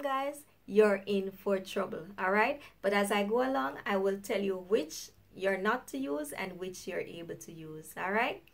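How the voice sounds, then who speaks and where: A YouTuber with a Jamaican accent hosts her own vlog, chatting casually in an upbeat way and laughing often. Her voice is mid-range with some vocal fry.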